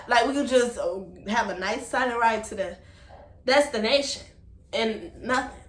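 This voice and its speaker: Woman, storytime vlog, emphatic, fairly high voice, echoey room. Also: moderate pace. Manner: animated, emphatic, talks straight to viewers as y'all. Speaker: vlogger telling a personal story. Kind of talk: casual storytime to camera.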